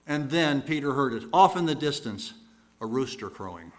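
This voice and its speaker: A man's voice: on the high side, lively intonation, moderate pace. Man preaching in a dramatic storytelling voice. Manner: rhetorical repetition, swinging between loud bursts and hushed lines.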